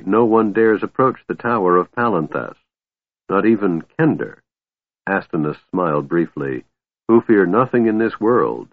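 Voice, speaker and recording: Male audiobook narrator, lowish voice, measured fantasy reading, tinny dry audio. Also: dry recording. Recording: narrow phone-like audio, dry.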